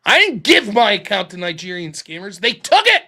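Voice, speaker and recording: Guy ranting and joking on his stream, cusses a lot, high bright voice. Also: wildly swooping pitch, normal speed. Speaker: livestream host. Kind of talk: casual livestream chat.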